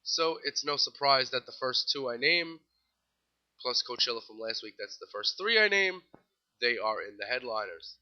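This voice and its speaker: Speaking at a moderate pace in an expressive, medium-pitched voice, this young New Yorker hosts a laid-back music news show alone. He reads festival lineups with wry, offhand asides, and the lo-fi recording comes across slightly dull.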